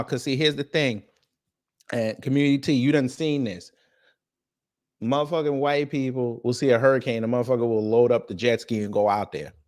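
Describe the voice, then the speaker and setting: A man hosting a casual commentary show, swearing freely and mocking with animated energy. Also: medium pitch. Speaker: host.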